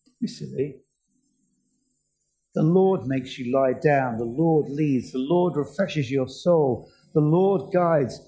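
A man's voice: medium pitch, slow pace, long pauses, dark tone, low-quality recording. A man preaching a sermon, earnest and asking his listeners many questions.

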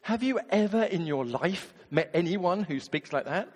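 A man preaching as a vicar, his voice a little higher than most and swinging widely in pitch as he acts out the people he quotes. He talks to the congregation in an easy, conversational way. The sound carries a long church-hall reverb. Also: lively intonation, moderate pace. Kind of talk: sermon.

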